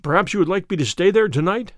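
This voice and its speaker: A man reading aloud, voicing an earnest, courteous young gentleman in a classic detective story. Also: high-pitched, animated, fast, dry recording, clean studio sound. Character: young man, unwell, eager, polite gentleman.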